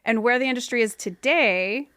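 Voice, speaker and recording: A woman hosting an interview podcast in a fairly high voice. Her sound is dry and close, and she keeps things easygoing, encouraging the guest and asking questions. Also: moderate pace, a bit bright, clean tone, no echo. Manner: easygoing, affirming, asks questions. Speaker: podcast host. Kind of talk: casual interview chat.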